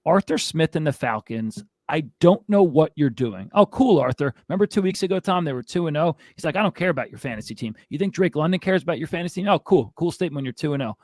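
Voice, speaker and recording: A man's voice: on the high side, lively intonation, fast talker, few pauses, a little mellow, no echo. A man hosting a fantasy football show, ranting heatedly and with exasperation to his co-host. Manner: fired-up, exasperated ranting with frequent asides. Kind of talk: heated sports rant to a co-host.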